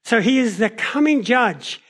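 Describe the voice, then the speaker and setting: High-voiced New preacher. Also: male voice, unhurried. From New Zealand. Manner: animated storyteller, varies pace and loudness. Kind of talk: sermon with personal storytelling.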